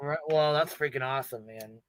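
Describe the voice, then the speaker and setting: A man's voice: medium pitch, fairly quick, no echo. A man hosting a livestream panel in casual chat, brash and profane and laughing often.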